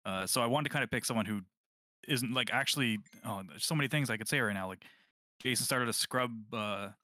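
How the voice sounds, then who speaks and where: A man co-hosting a podcast, chatting casually about video games in a rambling, relaxed way. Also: medium pitch, fairly quick, no room sound, studio quality. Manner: rambling, relaxed, lots of fillers and restarts. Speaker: podcast co-host.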